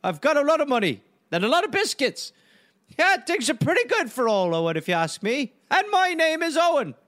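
Man doing a swaggering, high-voiced counterfeiter, bouncy tough-guy delivery. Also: very animated, fairly quick, a bit bright, exaggerated voice. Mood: boastful. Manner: brash, generous show-off, tough-guy talk. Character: boastful flashy male counterfeiter, swaggering.

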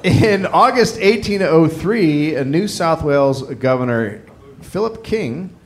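A man co-hosting a live comedy podcast, reading a story from notes and breaking off to joke and shout. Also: a little high, expressive, slow pace. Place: live stage before an audience. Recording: live show, audience noise behind.

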